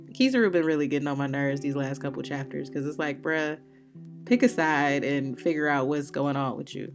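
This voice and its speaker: A woman's voice: low-pitched, fairly even intonation, moderate pace, faint music behind. A woman hosting a manga review, recapping the chapter in casual, slangy, opinionated talk with playful heckling asides.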